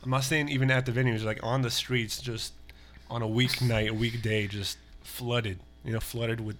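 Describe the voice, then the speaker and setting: A man's voice: mid-range voice, fairly even intonation, normal speed, fairly bright tone, a little hiss or hum. A man, a musician guest on a podcast, talking in a laid-back way, repeating words and calling people dude. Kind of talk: casual interview chat.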